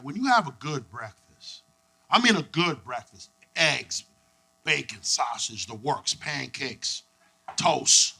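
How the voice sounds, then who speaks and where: A young man performing a stand-up comedy set, loud and profane, working the crowd with lively back-and-forth. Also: a little high. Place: comedy club stage with live audience. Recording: noisy live club recording.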